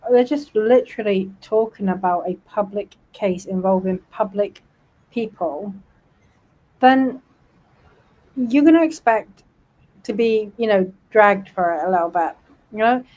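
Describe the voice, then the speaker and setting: A woman's voice: mid-range voice, measured pace, long pauses, a little mellow, low-quality recording. A British woman hosting a casual livestream panel chat, talkative and snarky, often breaking into laughter. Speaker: livestream host.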